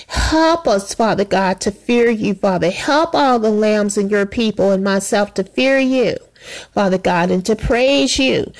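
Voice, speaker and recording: A woman praying aloud with fervor, repeating "Father God" between short phrases. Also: a little high. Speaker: prayer leader. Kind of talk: spoken prayer.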